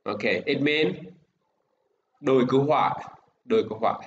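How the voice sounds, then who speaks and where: A Vietnamese man teaching an English lesson in his Vietnamese accent, who speaks slowly and repeats each word for his pupils to echo. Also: mid-range voice, lo-fi sound, slight background noise.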